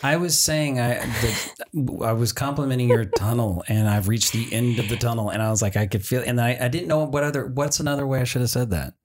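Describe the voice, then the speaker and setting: A man co-hosting a casual podcast, defending odd arguments with dry, deadpan stubbornness. His voice is husky. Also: medium pitch, brisk. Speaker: podcast co-host. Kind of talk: casual banter between partners.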